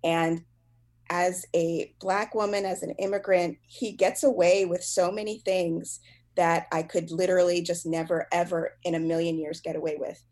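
A woman comedian talking casually in an animated, self-deprecating way, laughing often. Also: lowish voice, normal speed. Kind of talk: casual conversation.

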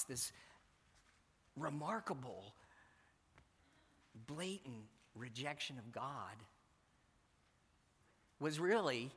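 A man's voice: a little high, bright, forceful tone, breathy edge. A man preaching a sermon in an earnest, emphatic way, repeating his key phrases. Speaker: pastor. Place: church sanctuary. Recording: church hall reverb.

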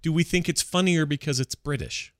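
A man's voice: a little high, a little fast, dry recording, studio quality. An American man hosting a podcast, talking in an easygoing way with hesitant restarts. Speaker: podcast host. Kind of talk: casual comedic chat.

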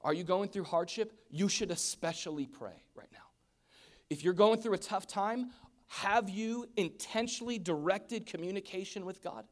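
A man preaching a sermon in a slightly higher-than-average voice. He drops to near-whispers for emphasis, then surges back up to loud, fervent exclamations. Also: moderate pace. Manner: dynamic, swinging from hushed whispers to loud exclamations.

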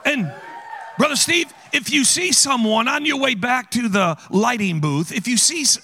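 A man's voice: very high voice, normal speed, big-room sound. A man speaking as a guest preacher, teasing and joking with his audience in a church auditorium. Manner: animated, teasing, calls out to the audience. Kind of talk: playful sermon with audience interaction.

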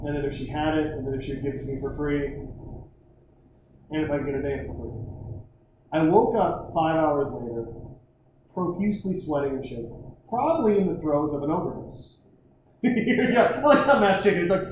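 A man's voice: fairly high pitch, moderate pace, long pauses, darkish tone. Guy telling a raunchy rambling party story, acts out other voices, lots of echo and a little hiss. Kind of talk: comic storytelling.

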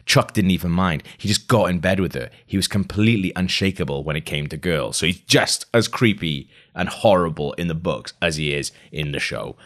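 A man with a low, deep voice reads a novel aloud in a casual, chatty way. He sounds amused and keeps stepping out of the text with his own asides before carrying on. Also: lively intonation, normal speed, hardly any pauses, fairly bright tone. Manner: chatty, amused, breaks off to react. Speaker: reader of a novel.

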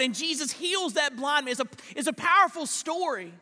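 A male pastor preaching a sermon, swinging between loud emphatic lines and hushed slow ones, often repeating words as he starts a phrase. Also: very high voice, animated, big-room sound. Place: church sanctuary.

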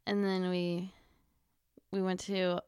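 A woman's voice: fairly low pitch, level tone, slow, darkish tone, smooth, no room sound, studio quality. A woman hosting a podcast, telling a rambling story with many fillers and joking asides. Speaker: podcast host. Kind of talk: casual chat.

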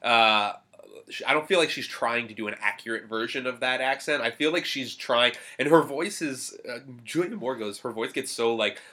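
Bright-voiced man chatting about films. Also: medium pitch, moderate pace. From Boston area. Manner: enthusiastic, rambling with restarts. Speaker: podcast co-host. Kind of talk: casual film chat.

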